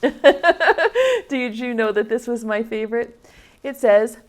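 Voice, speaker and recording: Slow sing-song preschool teacher woman. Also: fairly high pitch, very animated. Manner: slow, sing-song, encouraging talk to small children. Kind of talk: virtual preschool circle time.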